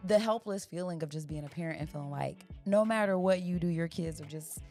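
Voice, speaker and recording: Gravelly-voiced woman, lower pitch. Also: a little fast, faint music behind. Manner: expressive, laughs while talking. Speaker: podcast co-host. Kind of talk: casual chat.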